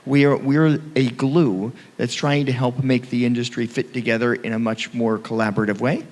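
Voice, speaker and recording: A man's voice: mid-range voice, little pitch movement, normal speed, darkish tone. A man speaking on a conference panel, upbeat and conversational. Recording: reverberant conference hall.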